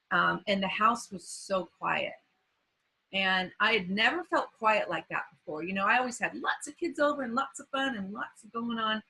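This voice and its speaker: Woman, 50s, podcast guest; bright, breathy voice, halting and heartfelt storytelling. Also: medium pitch, poor audio. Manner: halting, many fillers and restarts; earnest and emotional. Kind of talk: personal recovery story.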